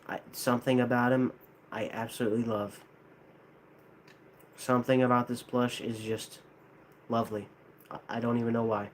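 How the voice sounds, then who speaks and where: A young American man rambling casually to a live chat, hesitant, with many restarts. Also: mid-range voice. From United States. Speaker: streamer.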